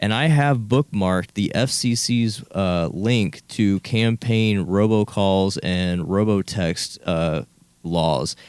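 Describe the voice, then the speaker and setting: A man co-hosting a casual comedy podcast who tells his stories in a dry, deliberate way. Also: sits low, darkish tone, clear, resonant tone, no room sound. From Arizona, US. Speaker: podcast co-host.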